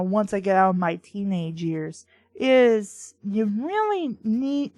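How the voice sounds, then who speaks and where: A woman's voice: medium pitch, darkish tone, dry recording. A woman reviewing a bad book aloud, exasperated and sarcastic as she picks apart its wording. Her voice sits mid-range and the recording is close and dry, with no room sound. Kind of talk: sarcastic book-reading commentary.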